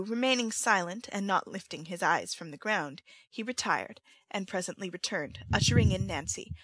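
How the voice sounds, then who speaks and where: Brief: female audiobook narrator, mid pitch, measured storytelling, dry studio sound. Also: a bit bright, no room sound, rough recording.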